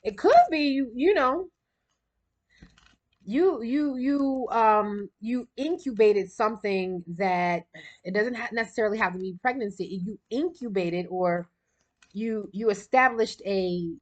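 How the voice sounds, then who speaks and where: A woman's voice: on the high side, dull audio. Chatty, breathless woman reading cards. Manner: chatty, rambling, quick bursts of laughter. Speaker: tarot card reader. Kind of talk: casual spiritual card reading.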